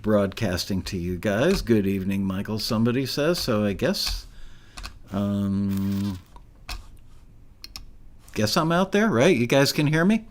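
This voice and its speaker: A man hosting a live stream, talking in a relaxed, rambling, self-deprecating way. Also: medium pitch. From Southern California. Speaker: show host. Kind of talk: casual live-stream chat.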